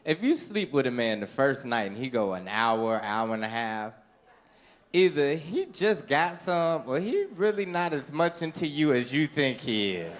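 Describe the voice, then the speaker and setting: A man's voice: mid-range voice, unhurried. A middle-aged man performing a stand-up comedy set on a club stage into a handheld mic, telling stories and acting out voices. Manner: animated storytelling with acted-out voices.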